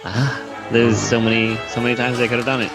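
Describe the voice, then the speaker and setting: A man co-hosting a podcast in casual chat, relaxed, adding short remarks and reactions. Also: medium pitch, brisk, over music. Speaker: podcast co-host.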